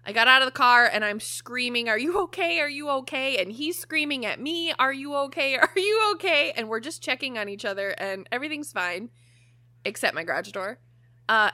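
Animated, swearing young woman telling a story. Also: a little high, dry recording. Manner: animated, swears a lot, laughs often. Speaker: podcast co-host. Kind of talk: casual chat, storytelling.

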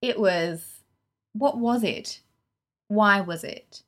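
A woman's voice: medium pitch, drawn-out words, fairly bright tone. A woman, co-hosting a podcast and giving frank, opinionated film reviews in casual chat. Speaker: podcast co-host.

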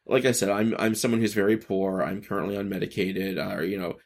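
A man in his thirties hosting a podcast, talking in a rambling casual monologue, halting and restarting often, swinging between high energy and subdued. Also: fairly even intonation, vocal fry. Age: 30s. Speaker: podcast host.

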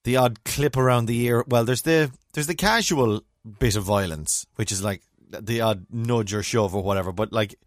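A man's voice: on the low side, normal speed, hardly any pauses, no echo, studio quality. A middle-aged man co-hosting a podcast in casual chat, often restarting and searching for his words.

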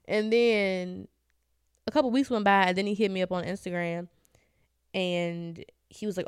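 Casting: young woman, podcast co-host, candid casual chat, smooth crisp voice, dry close sound. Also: mid-range voice, steady tone, normal speed, no echo. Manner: candid, laughs often, trails off with fillers.

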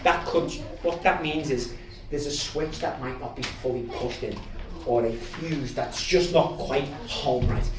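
An animated man tells his testimony with humor and energy. He is heard from some distance in an echoey room, with steady ambient noise behind him. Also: medium pitch, measured pace. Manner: lively, humorous, animated storytelling. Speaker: testimony speaker. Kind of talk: storytelling testimony talk.

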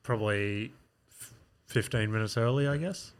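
A man's voice: fairly low pitch, moderate pace, clean tone. A man with an Australian accent, co-hosting a podcast in casual chat, laid-back and self-mocking, with frequent swearing. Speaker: podcast co-host and comedian.

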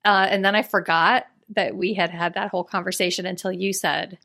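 Upbeat woman on a couples chat podcast, middle-pitched voice. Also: fairly even intonation, fairly quick, vocal fry, sharp tone. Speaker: podcast co-host. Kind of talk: casual chat.

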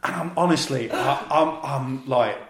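A man with an East Midlands accent, from Leicester, co-hosting a podcast and telling a long anecdote in a lively, laughing way, with the odd swear. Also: mid-range voice, unhurried, roomy sound. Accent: East Midlands English. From Leicester, England. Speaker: podcast co-host. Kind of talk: casual storytelling chat.

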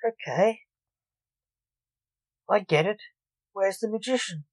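A woman's voice: medium pitch, slow pace, a little mellow, dry recording. A woman reading as a nervous male bank robber. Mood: resigned.

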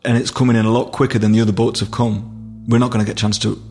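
A middle-aged man recounting events in an interview, his low voice rough with gravel. He talks in a halting, vivid way, breaking off and restarting. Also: little pitch movement, a little mellow. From Nottingham, England. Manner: vivid, halting retelling with restarts and dialect grammar. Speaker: guest, firefighter. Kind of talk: storytelling in an interview.

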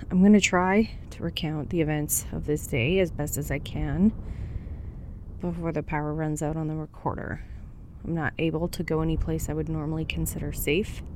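A woman playing a wary young survivor of the wildfires, talking haltingly through a smoke mask as she records a log alone. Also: low-pitched, noisy background. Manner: halting and hesitant, with many pauses and fillers. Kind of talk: audio drama monologue.

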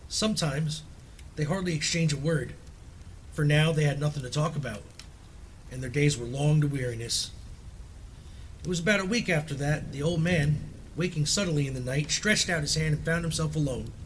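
Male storyteller, slightly high voice, solemn horror reading. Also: slight background noise, rough recording. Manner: measured, solemn narration.

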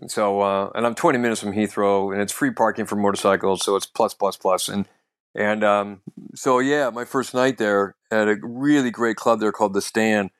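A man's voice: on the low side, steady tone, moderate pace, clear, resonant tone. A man co-hosting a comedy podcast, telling stories in casual chat with many fillers and restarts. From the United States.

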